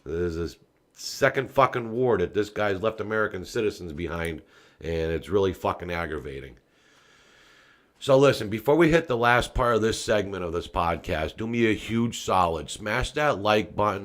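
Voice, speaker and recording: A man hosting a political commentary podcast, swearing freely and ranting with loud outbursts, in a casual, folksy way of talking straight to his viewers. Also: lowish voice. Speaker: podcast host.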